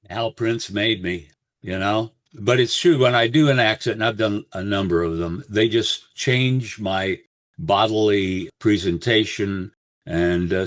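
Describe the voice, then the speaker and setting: Low-voiced older man telling stories. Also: no echo. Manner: reflective, anecdotal, quotes others in voices. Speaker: actor guest. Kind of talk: storytelling interview.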